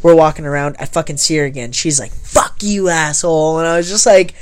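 A young man chatting casually with friends, his voice high for a man. He tells stories loosely and swears a lot. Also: quick pace, darkish tone. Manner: swearing, storytelling with laughs. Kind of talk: casual chat.

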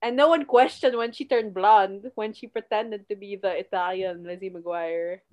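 A woman in casual chat, animated and teasing, laughing often as she recalls old movies. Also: mid-range voice, moderate pace.

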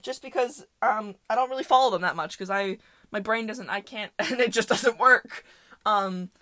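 A woman's voice: mid-range voice, moderate pace, bright, forceful tone, no echo. A young woman hosting a podcast, telling stories in a chatty, rambling way, full of fillers and laughing often. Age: young adult. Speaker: podcast host. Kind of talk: casual solo storytelling.

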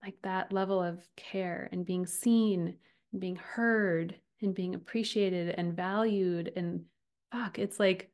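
A woman in her thirties hosting a podcast, talking earnestly and from the heart about relationships, often with a soft laugh. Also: lowish voice, fairly even intonation, takes it slowly. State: getting emotional. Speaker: podcast host and relationship coach. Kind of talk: personal podcast monologue.

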